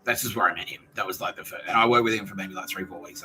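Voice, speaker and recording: Speaking very fast in a low, sharp-toned voice, a man hosting a podcast rants through a profane story in a casual monologue. He briefly acts out others' lines, and the recording quality is rough.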